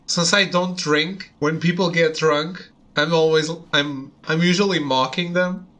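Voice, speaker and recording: A man's voice: fairly high pitch, fairly even intonation, a little slow, pushed and bright. A young man chatting casually while streaming a game, joking and self-deprecating and laughing often. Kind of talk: casual chat over gameplay. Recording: faint game music behind. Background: game music.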